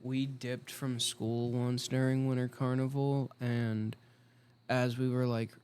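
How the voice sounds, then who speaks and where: A man's voice: mid-range voice, little pitch movement, slow pace, darkish tone, a little hiss or hum. Young podcast guy, chill, laughs mid story, swears. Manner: laughing, profane anecdotes. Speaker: podcast co-host. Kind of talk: casual chat.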